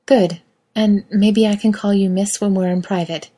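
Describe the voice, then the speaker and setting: A woman voicing a tentative, earnest younger woman who speaks softly and hesitantly. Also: medium pitch, fairly even intonation, moderate pace, natural voice.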